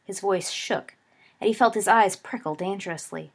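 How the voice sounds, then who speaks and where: Husky-voiced woman reading a story. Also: fairly low pitch, normal speed. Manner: expressive, shifts voice for dialogue. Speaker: audiobook narrator. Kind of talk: storytelling read-aloud of fan fiction.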